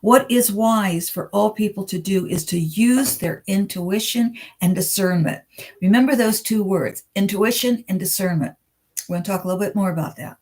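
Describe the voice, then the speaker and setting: A woman hosting a live spiritual talk, calmly reading out channeled messages and greeting viewers. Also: medium pitch. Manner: calm, earnest, reads messages aloud slowly.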